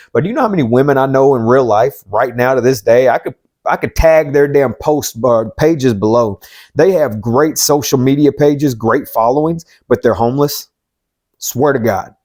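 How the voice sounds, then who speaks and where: A man's voice: medium pitch, a little mellow. Blunt, profane man preaching. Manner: blunt and profane, preachy, repeats himself for emphasis. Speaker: life coach. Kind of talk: unscripted motivational monologue.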